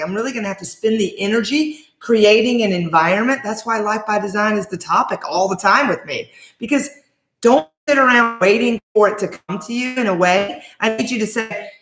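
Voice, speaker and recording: A woman in her forties talks straight to camera as a life coach, lively and emphatic, throwing out rhetorical questions. Her voice sits at a middling pitch, and the recording carries a roomy echo. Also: brisk. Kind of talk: motivational talk to camera.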